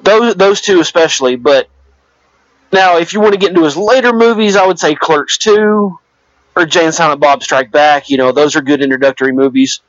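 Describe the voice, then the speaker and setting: A relaxed man in casual podcast chat, giving his opinions and leaning on fillers. His voice is a touch high. The sound is dry and a little dull. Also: brisk, no room sound. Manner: laid-back, filler-heavy, offers opinions. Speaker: podcast co-host.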